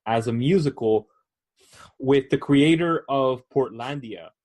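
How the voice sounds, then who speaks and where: A man's voice: mid-range voice, slow, a little mellow. A man co-hosting a casual podcast, bluntly giving movie news and opinions. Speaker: podcast co-host. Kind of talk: casual chat.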